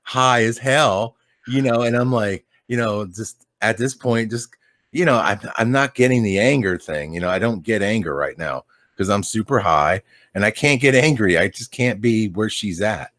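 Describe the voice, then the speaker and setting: A man's voice: lowish voice, normal speed, fairly bright tone, no room sound, clean studio sound. A man in casual chat as a podcast guest, telling a story in a laid-back, rambling way, swearing and laughing often.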